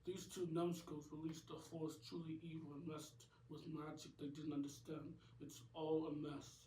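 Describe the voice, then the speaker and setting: A man's voice: on the high side, level tone, moderate pace, warm tone, slight background noise, lightly acted. A man voices a stern, blunt bus driver. It is amateur cartoon voicing. The recording is roomy and far from the mic. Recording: roomy echo, distant mic.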